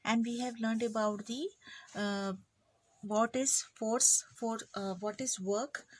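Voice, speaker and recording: A woman's voice: a little high, steady tone, takes it slowly. Chatty Indian woman teaching physics online. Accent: Indian English. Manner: chatty, acts out students' lines teasingly.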